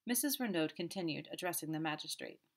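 Brief: woman narrator, lowish voice, steady measured audiobook reading.

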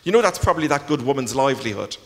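Man voicing stern elderly priest, indignant; lively intonation, long reverb. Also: medium pitch, very fast. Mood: scolding. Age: older than 60. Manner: scolding, exasperated, indignant. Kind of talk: live reading aloud. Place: large concert hall. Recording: long concert hall reverb.

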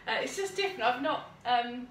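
High-voiced and a bit bright, this young woman talks a little fast with lively intonation. She's casually vlogging from an upstairs room at home, rambling somewhat in her enthusiasm as she displays her finds.

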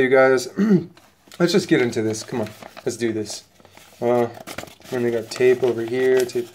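A man hosting his own casual unboxing vlog, talking excitably and rambling straight to his viewers while sniffly from a coming cold. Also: on the high side. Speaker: channel host opening trading cards.

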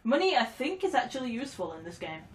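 A woman giving excitable, giggly let's-play commentary, often shouting at the game. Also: a little high, quick pace, background noise. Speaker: gamer. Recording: echoey room, distant mic, game music.

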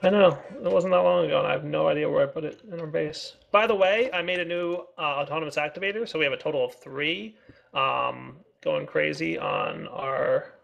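A man's voice: a little high, fairly quick, vocal fry, a bit bright, lo-fi sound, slight background noise. A man co-hosting a casual game video, upbeat and teasing. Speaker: co-host of a game video series. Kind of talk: casual gameplay chat.

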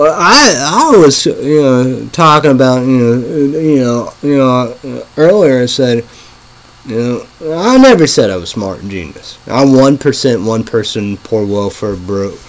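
A man's voice: mid-range voice, poor audio. A man hosting his own online show in casual rambling talk, full of "you know" fillers and swearing. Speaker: show host.

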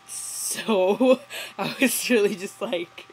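A woman's voice: on the low side, lively intonation, slow, a little mellow, a little hiss or hum, low-quality recording. Young adult woman, sarcastic and giggly, casual running movie commentary.

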